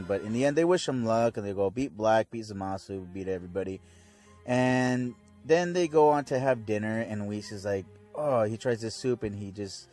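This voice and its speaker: A man's voice: fairly low pitch, moderate pace, darkish tone, soft background music. A young man casually recapping a cartoon episode, rambling and laid-back, full of fillers. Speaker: fan video reviewer.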